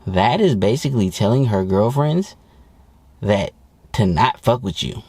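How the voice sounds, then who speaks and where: A man's voice: lowish voice, expressive, measured pace, a little mellow, breathy edge, no room sound. A man giving dating advice in a blunt, profane, mocking rant. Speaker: dating coach. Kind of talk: ranting advice monologue.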